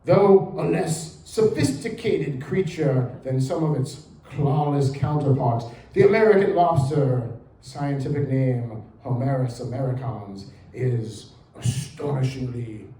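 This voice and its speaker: A man putting on a put-on British accent to play an older male nature documentary narrator, reading slowly and dramatically in a roomy hall. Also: medium pitch, dark tone, far from the mic, a little hiss or hum, lightly acted. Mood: solemn wonder. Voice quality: slow, measured, dramatic narration. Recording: roomy hall with faint ambience.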